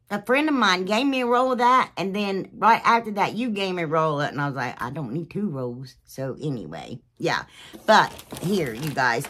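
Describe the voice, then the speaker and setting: A woman with a lowish voice hosts a DIY channel, chatting casually with her viewers in a rambling, gushing, emotional style and sometimes dropping into a soft whisper.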